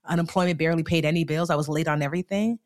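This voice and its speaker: Woman in her forties, interview guest, animated and chatty, slightly low pitch. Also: racing. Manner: animated, chatty, lots of fillers. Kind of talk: casual storytelling.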